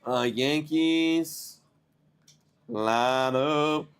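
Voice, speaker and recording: Excitable male baseball livestream host. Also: fairly high pitch, drawn-out words, clean tone. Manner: excitable, rambling, talks to chat. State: tired, yawning. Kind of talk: live-stream commentary.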